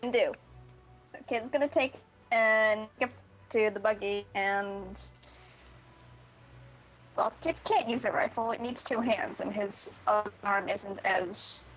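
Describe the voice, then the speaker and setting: A woman's voice: medium pitch, slow pace, fairly bright tone, low-quality recording. A woman playing a tabletop game who talks in a chatty, hesitant way with many fillers. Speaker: player.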